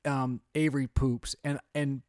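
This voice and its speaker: Chatty dad telling family stories. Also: male voice, mid-range voice, unhurried, no room sound, studio quality. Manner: chatty, animated storytelling with quoted voices. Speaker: podcast co-host, father. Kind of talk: casual chat.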